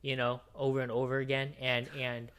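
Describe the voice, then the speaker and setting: Male podcast co-host, animated plot recapper, heavy swearing and fillers, mid-range voice. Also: medium pitch, moderate pace, clear, resonant tone. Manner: excitable, profane storyteller with many fillers; jumps between hushed recap and loud outbursts. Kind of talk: casual chat, retelling a movie plot.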